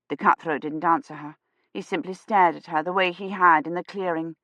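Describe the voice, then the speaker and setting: A woman narrating an audiobook in a hushed, suspenseful storytelling manner. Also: on the low side, fairly even intonation, a little fast, no room sound, lo-fi sound. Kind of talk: scripted narration.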